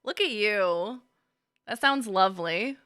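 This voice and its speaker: Young woman game streamer, bright crisp voice, dry close mic, chatty, laughs a lot. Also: medium pitch, lively intonation, takes it slowly, dry recording. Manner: chatty, greets viewers by name, laughs often. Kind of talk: casual live-stream chat.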